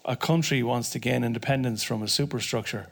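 An Irish man on a comedy panel, riffing with rambling, animated bits. His pitch sits mid-range. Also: fairly quick, vocal fry. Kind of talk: comic banter.

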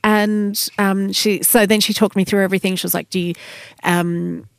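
A woman's voice: mid-range voice, fairly even intonation, normal speed, creaky, dry recording, clean studio sound. A woman in her thirties from Ireland, telling a personal story as a guest in an interview, candid and self-deprecating, tearing up at times.

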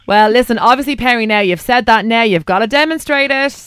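Fast-talking woman co-host. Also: fairly high pitch, a bit bright, clean tone, no room sound, studio quality. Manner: playful, bossy teasing. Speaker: radio show co-host. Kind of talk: casual interview chat.

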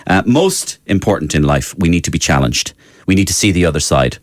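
A man's voice: deep voice, expressive, fairly quick, dry recording. A middle-aged man, hosting a radio show and delivering an emphatic opinion piece with many fillers. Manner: emphatic, rising to indignant outbursts with many fillers. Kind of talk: opinion monologue.

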